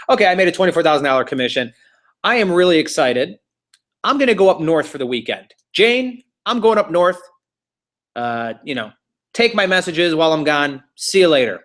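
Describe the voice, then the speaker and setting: A man's voice: fairly high pitch, lively intonation, a little fast, a bit bright. A man doing a breezy carefree realtor. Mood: boastful.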